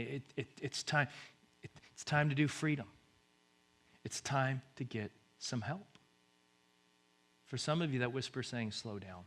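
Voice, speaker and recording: Bright-voiced pastor preaching, loud then hushed. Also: male voice. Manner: swings from booming reading to hushed, soft-spoken appeals; stumbles and repeats words when pressing a point. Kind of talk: sermon.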